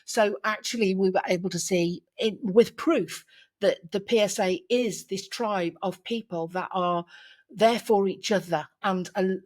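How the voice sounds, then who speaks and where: A woman's voice: mid-range voice, measured pace, a little mellow. Storytelling woman guest, laughs easily. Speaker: podcast guest, keynote speaker. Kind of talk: casual interview chat.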